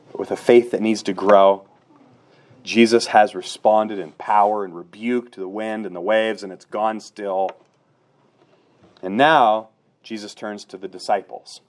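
A middle-aged man preaching a sermon in an earnest way, rising to emphatic peaks and dropping soft again. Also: medium pitch. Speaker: pastor.

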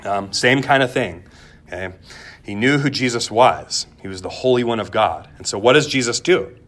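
A man's voice: mid-range voice, animated, moderate pace, fairly bright tone. A pastor preaching a sermon in a conversational way, repeating words as he goes and asking the room questions.

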